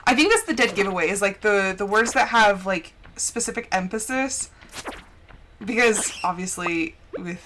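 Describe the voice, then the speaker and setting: A woman's voice: mid-range voice, expressive, normal speed, sharp tone, a little hiss or hum. An American woman streaming a video game, chatting casually and giggly, with lots of "like". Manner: chatty and giggly, heavy use of "like". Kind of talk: casual livestream chat.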